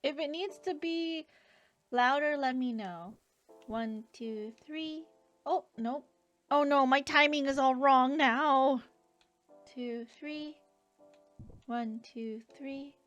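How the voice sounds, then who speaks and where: A woman's voice: high voice, slow pace, long pauses, fairly bright tone, dull audio, soft background music. A young woman streaming live, chatting casually with her viewers and reading out their messages between bursts of giggling. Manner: chatty, reads chat aloud, giggly.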